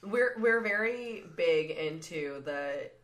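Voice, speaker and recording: A woman's voice: deep voice, animated, slow pace, fairly bright tone. A woman co-hosting a podcast interview in casual chat, talking with lots of fillers and frequent laughter. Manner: chatty, laughs often, many fillers. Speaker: podcast co-host.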